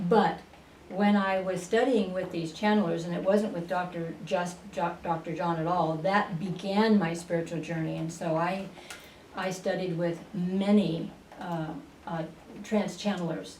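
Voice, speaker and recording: Woman guest, lowish voice, roomy and distant studio sound, faint hiss. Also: fairly even intonation, a little mellow. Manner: unhurried, with frequent fillers and restarts. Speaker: interview guest, spiritual channeler. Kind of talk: storytelling in a radio interview.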